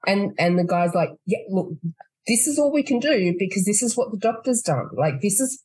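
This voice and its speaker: Woman podcast co-host, husky, loose rambling storyteller. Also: medium pitch, lively intonation, moderate pace, darkish tone, low-quality recording. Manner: rambling storyteller, swears freely, trails off and restarts. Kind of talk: casual chat.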